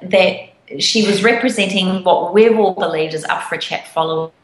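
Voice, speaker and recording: Excited woman in a roomy room. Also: fairly low pitch, normal speed. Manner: gushing, excited storytelling. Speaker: podcast co-host. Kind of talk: casual chat. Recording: roomy echo.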